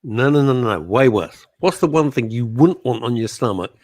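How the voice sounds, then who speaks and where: A man's voice: medium pitch, brisk, no room sound. A man co-hosting a radio show in casual chat, teasing his partner and telling stories with lots of laughter. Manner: teasing, laughs a lot, lively storytelling. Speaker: radio co-host. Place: radio studio.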